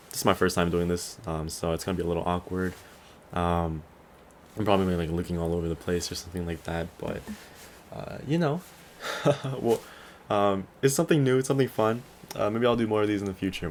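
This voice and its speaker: A man's voice: low-pitched, a little hiss or hum. A man in his twenties hosting his own podcast in a casual, rambling way, a little tired, full of fillers and small chuckles. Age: 20s. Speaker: podcast host. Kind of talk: casual solo podcast chat.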